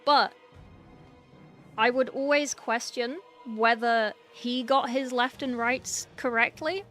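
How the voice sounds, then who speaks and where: A woman's voice: a little high, fairly even intonation, takes it slowly, fairly bright tone, soft background music. A young woman chatting casually on a livestream while painting miniatures, reading and answering her chat from a small room at home. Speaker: streamer.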